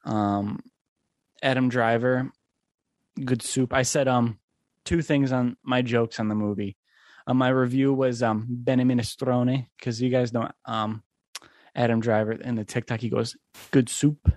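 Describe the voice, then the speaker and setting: A young man talks loosely into a close microphone for his solo podcast. He rambles, restarts, and drops in plenty of "like" and "um." The sound is dry, and his pitch sits in an ordinary middle range. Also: fairly even intonation, a little slow, darkish tone, no echo. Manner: rambling, with lots of "like" and "um". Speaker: podcast host. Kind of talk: casual solo podcast chat.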